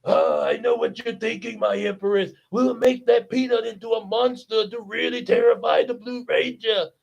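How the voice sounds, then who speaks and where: A man voicing a gruff, hulking male monster henchman who fawns on his empress, in a deep growl on a dull lo-fi recording. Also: very animated, moderate pace, exaggerated voice. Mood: scheming.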